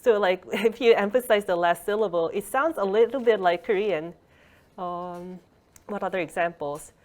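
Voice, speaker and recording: A woman's voice: mid-range voice, moderate pace, darkish tone. Female language lecturer, online workshop, patient explainer, talks through a video call. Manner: explains patiently, frequent fillers and restarts.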